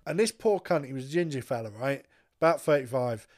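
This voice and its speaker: A man's voice: medium pitch, lively intonation, brisk, darkish tone. A man telling a rambling, swear-filled story in a casual chat. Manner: rambling, profane storytelling with asides. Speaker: podcast co-host telling a story.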